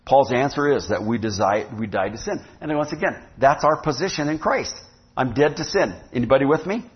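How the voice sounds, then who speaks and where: A man's voice: mid-range voice, animated, fairly quick. Conversational male pastor, lo-fi. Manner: conversational, asks the congregation questions. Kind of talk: sermon. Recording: dull lo-fi sound.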